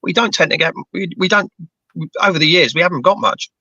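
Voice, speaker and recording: A man with a London and Bedfordshire accent gives his take on last week's match in a bright, slightly high voice. He talks casually and often repeats words as he gets going. The audio is dry and a little dull. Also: expressive, a little fast, no echo. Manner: chatty, repeats words when starting sentences. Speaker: football fan panelist. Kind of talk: casual chat.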